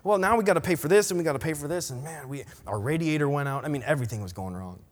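A young adult man preaching a sermon in an animated, emphatic way. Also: a little high, racing. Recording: long reverb of a large hall.

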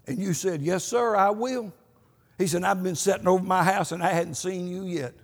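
A man voicing a blunt, accusing old churchman, gruff and loud. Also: sits high, fairly even intonation, normal speed, in a large hall.

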